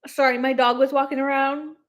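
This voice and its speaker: A woman's voice: sits high, level tone, a little fast. A young woman hosting her own livestream from home, chatting casually in a rambling, self-deprecating way. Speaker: YouTube livestream host.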